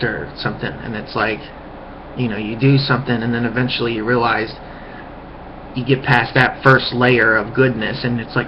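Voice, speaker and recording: A man's voice: mid-range voice, fairly even intonation, moderate pace, slight background noise. A man in a heated, profane ranting monologue, recorded on a webcam microphone. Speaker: vlogger. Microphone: webcam mic. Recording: muffled lo-fi webcam audio.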